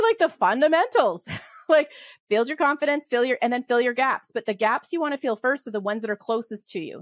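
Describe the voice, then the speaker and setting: A middle-aged woman with a Western Canadian accent, a podcast guest talking fast and animatedly in casual conversation, often laughing and restarting her sentences. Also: a little high, dry recording. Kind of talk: casual interview talk.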